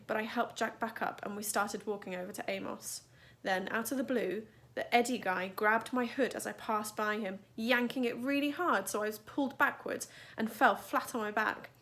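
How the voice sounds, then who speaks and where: A woman teacher reading a novel aloud in a steady, even narration. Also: fairly high pitch, moderate pace.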